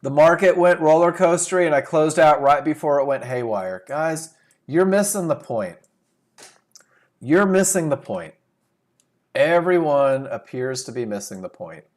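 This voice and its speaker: A man teaches a live trading webinar in a lively, swooping voice that sits a little high. He talks emphatically, asks his listeners questions and then answers them himself. He sounds like he is speaking into a computer microphone. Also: a little slow. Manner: emphatic, rhetorical questions, repeats key phrases. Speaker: trading instructor.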